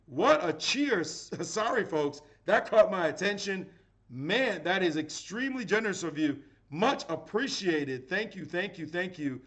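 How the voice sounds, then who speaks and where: A middle-aged man breaks down chess games live, his voice sitting a touch higher than most men's. He talks in a lively, playful way and throws in sudden dramatic exclamations. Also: a little slow. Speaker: chess grandmaster commentator.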